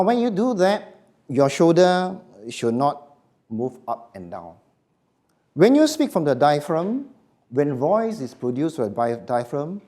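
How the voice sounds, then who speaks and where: A middle-aged man leads a live voice workshop. His warm, mellow voice rises and falls a lot. He speaks in short, emphatic phrases and keeps asking his audience questions. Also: mid-range voice. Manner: emphatic, often asks "Okay?" and "Why?", short phrases. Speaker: voice coach giving a workshop. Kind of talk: live seminar lecture.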